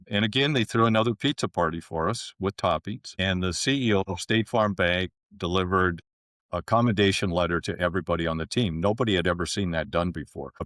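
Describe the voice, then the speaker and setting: A man, a guest in an interview, telling a long anecdote in a relaxed conversational way and acting out the dialogue. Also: low-pitched, no echo, clean studio sound. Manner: relaxed anecdote-teller who acts out quoted dialogue. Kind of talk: conversational storytelling.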